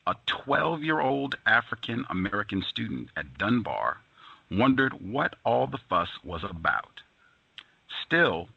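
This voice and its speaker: A man reads a book passage aloud on a talk show. He has a gravelly, husky voice with a lively, rising and falling pitch and frequent "uh" fillers. The recording sounds dull and lo-fi. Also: no room sound. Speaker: host.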